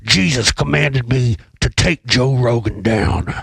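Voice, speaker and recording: A zealous, menacing ranter, as a man puts him on, dropping into a deeper and louder voice than his own. He stretches out each threat slowly, like a fire-and-brimstone preacher. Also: vocal fry, breathy edge, no echo, clean studio sound, heavily acted. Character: zealous ranting man issuing violent threats.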